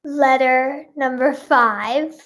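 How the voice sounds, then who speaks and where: A woman's voice: high voice, drawn-out words, fairly bright tone. A woman hosting a playful live stream, chatting to viewers and reading out their guesses in a bubbly way. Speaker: livestream host.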